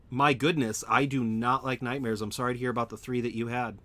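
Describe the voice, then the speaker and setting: Man, bright forceful voice, mid pitch, game stream commentary, thinking aloud, self-correcting. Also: dry recording. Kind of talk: live gameplay commentary, answering chat. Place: at home.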